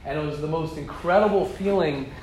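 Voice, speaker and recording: A middle-aged American man giving an informal religious lecture to a group in a study hall, animated and repetitive, acting out quoted speech. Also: on the high side, a little fast. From United States. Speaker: Torah class teacher. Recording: roomy hall, faint ambient noise.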